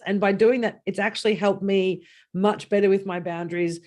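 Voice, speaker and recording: An animated woman co-hosting a casual chat on a video call, acting out quoted voices and laughing. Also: mid-range voice, a little fast. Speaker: co-host.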